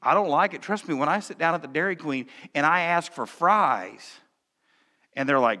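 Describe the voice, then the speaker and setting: Bright-voiced preacher in a reverberant church. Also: male voice, fairly high pitch, brisk. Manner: swings between loud and quiet, with humorous asides. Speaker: pastor. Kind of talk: sermon. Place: church sanctuary.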